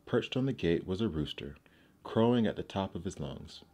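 A man narrating fairy tales in a gentle, expressive storybook reading. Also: low voice, moderate pace.

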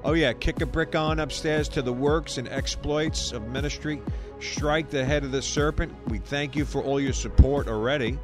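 A man's voice: a little high, steady tone, music in the background. A man with a New York accent hosting a radio show, reading announcements and trading jokes in a loose, casual way. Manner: loose, joking banter with quick asides.

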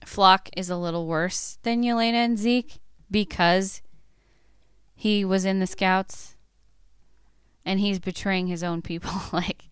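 A woman in casual chat as a podcast co-host, reacting with short asides and quick comments. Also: medium pitch, fairly even intonation, clear, resonant tone, no echo, clean studio sound.

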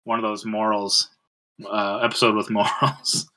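Laid-back guy on a podcast, slow and easy, bright sharp voice, lots of ums. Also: lowish voice, flat delivery. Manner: laid-back, laughs often, hesitant fillers. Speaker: podcast co-host. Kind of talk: casual chat.

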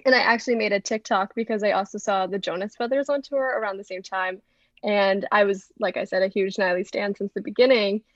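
Young woman, podcast guest, mid-pitched voice, chatty, dry recording. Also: fairly even intonation, a little fast, no room sound, muffled recording. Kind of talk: casual podcast chat.

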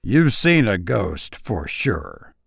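A man reading a story aloud, voicing an excitable, superstitious old country man with a folksy drawl. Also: on the low side, slow pace, creaky, no echo, clean studio sound, exaggerated voice. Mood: excited. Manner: folksy country dialect, quavering.

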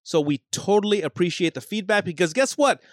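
A man with a fairly high, very animated voice co-hosting a casual podcast. He is agreeable and quick to laugh, and the recording sounds dry and close. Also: dry recording. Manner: lively, agreeable, laughs while talking. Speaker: podcast co-host.

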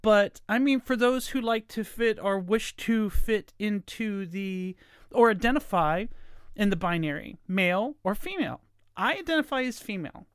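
A woman's voice: medium pitch, measured pace, clean tone, dry recording, studio quality. A woman hosting her own podcast, talking in a chatty, meandering, friendly way in a casual solo monologue. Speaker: podcast host. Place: at home late at night.

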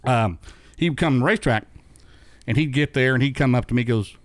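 A man's voice: medium pitch, a little fast, dry recording. A middle-aged man telling casual racing stories as a guest, rambling with restarts and chuckles. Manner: rambling, many restarts and asides. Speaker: guest recalling dirt track racing. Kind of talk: casual storytelling chat.

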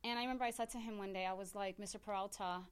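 A woman's voice: mid-range voice, racing, smooth. A woman in her thirties, a hairstylist guest on a podcast, telling her life story casually and acting out the dialogue she recalls. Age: 30s. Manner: animated storyteller acting out quoted dialogue, laughs often.

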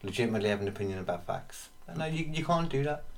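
A man co-hosting a casual podcast, rambling with pauses and restarts. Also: on the low side, expressive, recorded from a distance. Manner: rambling, many fillers and restarts. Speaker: podcast co-host. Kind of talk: casual chat.

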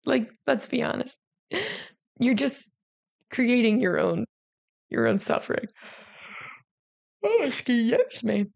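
Chatty woman host with a gravelly voice. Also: fairly high pitch, sing-song, slow, pauses often, darkish tone, no echo. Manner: chatty, heavy use of "like", frank with swearing; emotional, heartfelt reflection. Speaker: podcast host. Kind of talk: casual solo podcast monologue.

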